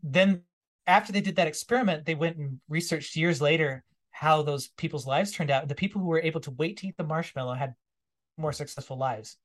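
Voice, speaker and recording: A man being interviewed as a guest, talking reflectively in a relaxed, storytelling way and laughing now and then. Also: a little high, fairly quick. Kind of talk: casual interview conversation.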